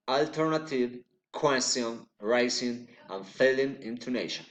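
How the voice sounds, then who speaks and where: A man's voice: medium pitch, unhurried, hardly any pauses. A man whose first language is Spanish, reading English intonation drills aloud and repeating short phrases to practice rising and falling tones. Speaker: English learner.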